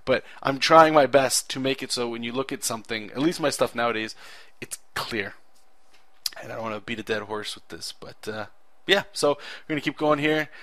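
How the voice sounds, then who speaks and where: Over a video of his drawing, an artist chats casually about his process, earnestly rambling and often correcting himself out of enthusiasm for clear storytelling. His mid-range voice has a fairly bright tone at a moderate pace, with no room sound.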